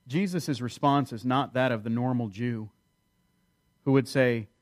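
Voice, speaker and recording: A man's voice: medium pitch, animated, normal speed. A man preaching a sermon, reading scripture and acting out quoted voices with sarcasm. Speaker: pastor.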